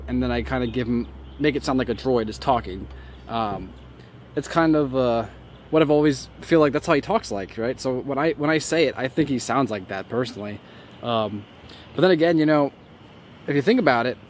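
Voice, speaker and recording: A man hosting his own channel, chatting loosely and rambling through viewer comments while standing outdoors near a street. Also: mid-range voice. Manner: loose and rambling, many fillers. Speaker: YouTube host. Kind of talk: casual talk to camera answering comments. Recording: faint street noise outdoors. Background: faint traffic.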